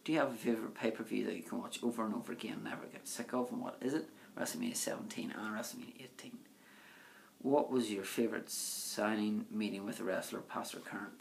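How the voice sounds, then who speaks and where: A man with a low, heavily gravelly voice answers viewer questions in a relaxed vlog. He rambles along with plenty of "um" and "you know", and a faint hiss sits under the recording. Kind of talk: casual Q&A monologue.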